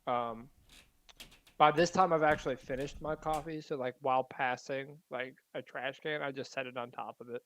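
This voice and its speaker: A man playing in a tabletop game, describing his character's actions in a laid-back, deadpan way with halting fillers. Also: medium pitch, dry recording, poor audio.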